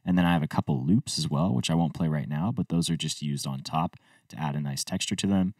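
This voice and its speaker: A man's voice: rumbling low, brisk, darkish tone, no room sound, clean studio sound, distant mic. A man and music producer talking through a tutorial step by step in an easygoing way. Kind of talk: screen-recorded tutorial walkthrough.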